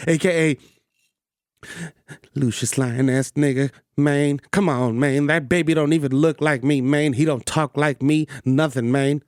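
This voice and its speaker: A man with a New York accent, a podcast co-host riffing rapid-fire boastful, profane aliases in casual comedic chat. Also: a little high, a little mellow, no echo. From the Bronx, New York.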